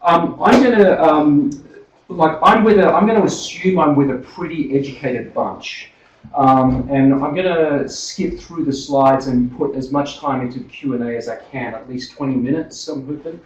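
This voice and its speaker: A man's voice: a little high, normal speed. Australian man speaking from across a roomy hall. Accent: Australian drifting toward American. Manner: chatty, many fillers and restarts. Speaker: seminar speaker. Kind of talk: academic talk. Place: seminar room. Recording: roomy lecture hall from far off, dull.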